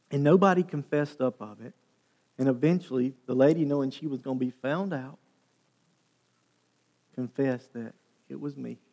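A male pastor preaching a sermon, retelling a story with animated, dramatic delivery. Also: fairly high pitch. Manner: animated, dramatic storytelling with sharp swings in loudness.

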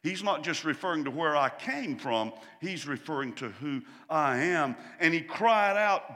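A man's voice: fairly high pitch, animated, measured pace, hardly any pauses. Passionate preacher man in a reverberant hall. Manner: impassioned preaching that swells to loud cries. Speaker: pastor. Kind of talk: sermon.

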